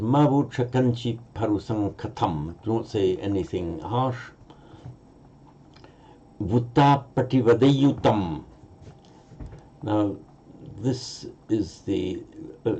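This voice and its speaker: A man with a very low, gravelly voice, dark and mellow in tone, teaches a language step by step. He thinks aloud, corrects himself and uses many fillers. The recording is a bit dull and lo-fi, with a faint hiss beneath it.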